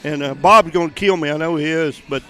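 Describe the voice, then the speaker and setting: A man's voice: on the high side, a little fast, pushed and bright. An older man with a Southern US accent, a tournament champion chatting in a rambling, folksy, humble way after his win. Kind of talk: post-match interview chat.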